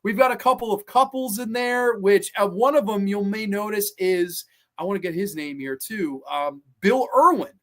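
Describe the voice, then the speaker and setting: A man's voice: high voice, moderate pace, a bit bright. A man hosting a podcast, casually reviewing a TV episode in an enthusiastic, rambling way and cursing freely. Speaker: podcast host.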